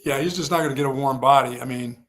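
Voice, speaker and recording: A man's voice: mid-range voice, fast, crowd noise. A man co-hosting a sports talk show, chatting casually in a rambling, folksy way that often repeats itself. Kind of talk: casual sports radio chat.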